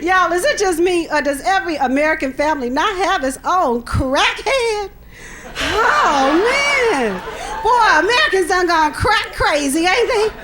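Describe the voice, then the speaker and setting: Middle-aged female stand-up comic, high bright voice, brassy and sassy, faint hiss behind her. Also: lively intonation, measured pace. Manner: brassy, sassy punchlines with frequent "okay?" and "oh, for real". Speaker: stand-up comedian. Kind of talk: stand-up comedy routine. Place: comedy club stage with laughing audience.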